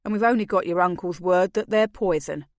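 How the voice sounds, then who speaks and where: A woman's voice: fairly low pitch, a little fast, dry recording, studio quality, lightly acted. A woman narrating an audiobook, voicing a joking, easygoing young male palace guardsman who teases his friends. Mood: skeptical. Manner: teasing, croaks a mock rustic accent at times. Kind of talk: audiobook character reading.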